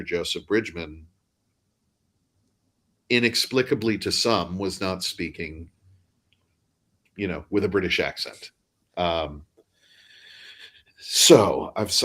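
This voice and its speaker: A man with a fairly low voice chats loosely in a live online interview. He talks with animated, self-deprecating energy and often stumbles over his words. He comes across as a guest in a relaxed conversation about his craft. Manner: animated, self-deprecating, drops into joking mock accents. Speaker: audiobook narrator guest. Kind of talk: casual live interview chat. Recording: live online video chat.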